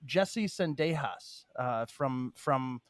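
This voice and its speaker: A man hosting a podcast in casual chat, talking in halting bursts with many ums and restarts. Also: mid-range voice, expressive, no echo, studio quality. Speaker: podcast host.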